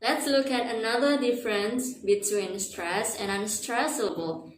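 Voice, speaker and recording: Slow, careful young woman. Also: a little high. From Indonesia. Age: young adult. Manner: slow, careful, stretches example words. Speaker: student presenter. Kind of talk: pronunciation lesson. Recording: echoey room, faint background noise.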